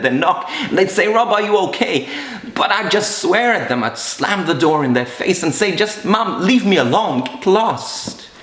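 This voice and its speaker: A man's voice: medium pitch, a bit bright. A middle-aged man and priest from Malta, giving an earnest, emotional personal testimony with frequent restarts. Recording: roomy echo.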